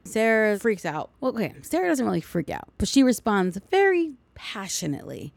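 Chatty lady going through a movie plot w/ snarky side comments, bit of vocal fry, no room echo. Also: mid-range voice, very animated, moderate pace, few pauses, darkish tone. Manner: chatty with sarcastic asides. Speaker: podcast host. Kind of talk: casual movie recap.

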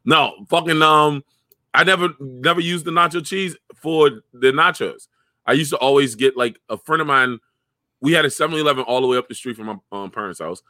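A young man in casual chat, telling stories loudly with slang and lots of swearing. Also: a little high, fairly quick, dry recording, studio quality. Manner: loud, profane, animated storytelling with slang.

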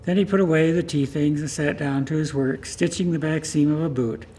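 A man reading a story aloud during a church service in a steady, plain storytelling manner. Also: fairly high pitch, brisk, a little hiss or hum.

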